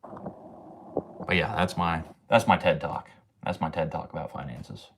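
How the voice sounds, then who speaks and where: Deep-voiced young man chatting on stream. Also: a little slow, vocal fry, noisy background. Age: 20s. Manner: slangy and profane, says bro and man a lot. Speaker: livestream host. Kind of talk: casual livestream chat.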